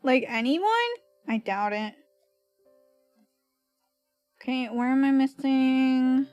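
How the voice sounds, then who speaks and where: A woman's voice: sits high, steady tone, takes it slowly, a little mellow, no echo, lo-fi sound, soft background music. A young woman with a Valley girl accent, chatting casually on stream while drawing, giggly and full of "like" fillers.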